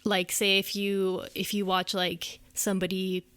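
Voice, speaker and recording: A woman's voice: medium pitch, completely flat delivery, fairly bright tone, smooth, dry recording. Canadian female co-host, mid voice, breezy filler-heavy chat, dry close sound. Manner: quick, filler-heavy, says "like" often. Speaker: podcast co-host. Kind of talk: casual chat.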